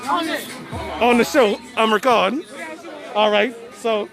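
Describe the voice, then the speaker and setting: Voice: mid-range voice, animated, takes it slowly, vocal fry, fairly bright tone. A host streaming live from an outdoor family party, stammering and repeating words as they chat. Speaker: host of an online show. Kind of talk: casual live-stream commentary. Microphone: phone. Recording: outdoor party noise on a phone. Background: music and a chattering crowd.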